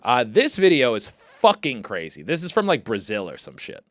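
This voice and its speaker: Dude riffing on his podcast, bright edgy voice, bouncy pitch, swears a lot. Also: moderate pace, a little hiss or hum. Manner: excitable, profane, riffing. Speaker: podcast host. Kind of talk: casual comedic commentary.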